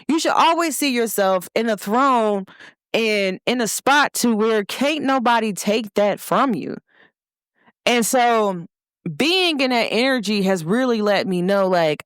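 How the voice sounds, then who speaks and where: A woman's voice: a little high, a bit bright, no room sound, clean studio sound. A young woman hosting her own show, giving a casual motivational talk with emphasis and speaking straight to her listeners. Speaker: host.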